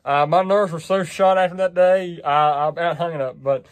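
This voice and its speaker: Chatty man, slightly high voice. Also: fairly even intonation, normal speed, no echo. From West Virginia. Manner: rambling, laughs through the story, self-deprecating. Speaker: vlogger. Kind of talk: casual storytelling. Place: barn out of the wind.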